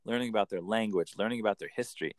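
A man, a coach explaining in an enthusiastic conversational interview with quick acted examples. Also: on the low side, dry recording. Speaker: accent coach.

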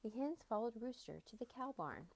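A woman's voice: on the high side, big pitch swings, normal speed, darkish tone, breathy edge. A woman hosting a children's story podcast, reading aloud cheerfully.

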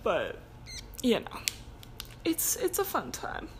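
A woman's voice: fairly high pitch, wildly swooping pitch, slow, a little hiss or hum. A young woman in college hosting her own podcast alone, chatting casually and rambling with lots of ums and self-corrections. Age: young adult. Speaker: podcast host. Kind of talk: casual solo podcast chat.

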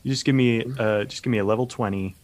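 A man's voice: fairly low pitch, fairly even intonation, fast talker. A man co-hosting a podcast, chatting casually and easily with some nerdy enthusiasm. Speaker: podcast co-host. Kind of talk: casual chat.

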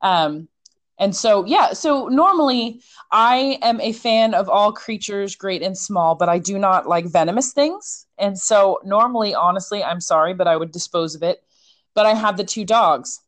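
A woman telling a story in a casual chat, animated and chatty, with many fillers. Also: medium pitch, moderate pace.

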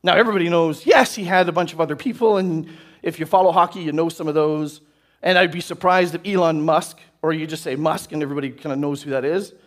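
A man's voice: a little high, steady tone, fast talker. A male pastor preaching a sermon in a conversational way to a church congregation, often asking "right?". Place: church hall.

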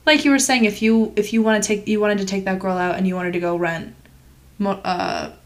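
A woman's voice: mid-range voice, steady tone, a little fast. A woman co-hosting a casual chat who talks freely and laughs easily.

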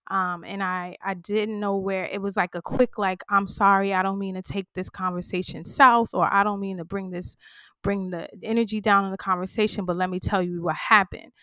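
A woman's voice: medium pitch, steady tone, normal speed, bright, forceful tone, clean tone, no room sound. A woman hosting a podcast, talking candidly and emotionally to her listeners, shaken and close to tears. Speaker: podcast host. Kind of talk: personal podcast talk.

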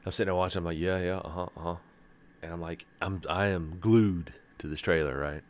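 A man's voice: deep voice, brisk. A man co-hosting a casual gaming podcast, telling stories with energy and putting on voices when he quotes others. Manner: animated storyteller, slips into voices when quoting others. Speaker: podcast co-host.

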